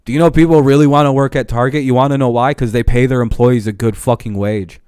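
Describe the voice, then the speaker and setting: A young man on a live stream in a heated, profane rant. His voice is smooth and clear, recorded dry and close. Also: mid-range voice, steady tone, fast, a little mellow, no echo.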